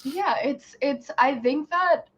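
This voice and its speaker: A woman hosting an interview, talking in a relaxed, thoughtful, casual way. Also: sits high, slow. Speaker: podcast host. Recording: slightly dull, muffled audio.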